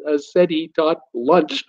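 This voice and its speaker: Brief: lively male live-stream host, somewhat high voice, dull lo-fi sound. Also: takes it slowly, noisy background. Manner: animated, reads comments aloud with frequent fillers and laughs. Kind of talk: casual live chat reading viewer comments.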